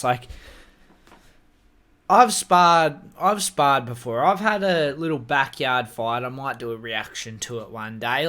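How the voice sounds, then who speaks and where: A man's voice: on the high side, a bit bright. A man talking casually to camera, giving opinionated, rambling takes on fights and swearing freely. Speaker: MMA commentary YouTuber.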